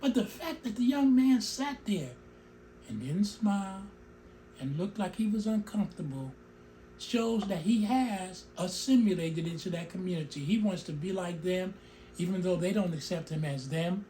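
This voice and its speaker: Middle-aged male host, emotional opinion monologue, very lively pitch. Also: normal speed, a little hiss or hum. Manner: animated, emotional, digresses and comments on his own speech. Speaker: show host.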